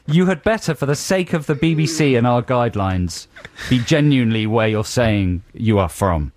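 A male radio host with a lively, swooping delivery and a dry, teasing manner. His voice is close and dead, with no room around it. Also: mid-range voice, normal speed, no echo.

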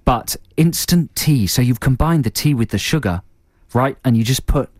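A man's voice: medium pitch, animated, normal speed, darkish tone, no echo. Jokey man hosting radio. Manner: jokey, puts on silly voices and laughs a lot. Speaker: radio host. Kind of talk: casual radio banter.

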